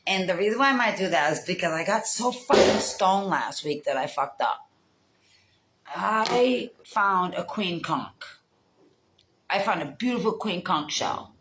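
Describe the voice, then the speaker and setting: A woman's voice: fairly low pitch, lively intonation, unhurried, noisy background. A middle-aged woman from the United States, telling stories in a casual vlog in a rambling, profane way and laughing often. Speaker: vlogger. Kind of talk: casual storytelling chat.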